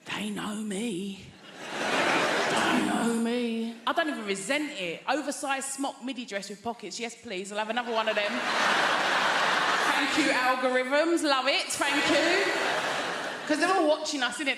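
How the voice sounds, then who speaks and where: English lady comic, chatty and confiding, slightly high voice, echoey theatre, loud crowd. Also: brisk, heavy background noise. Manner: chatty, confiding, lots of tag questions. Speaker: stand-up comedian. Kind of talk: stand-up comedy. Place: large theatre stage.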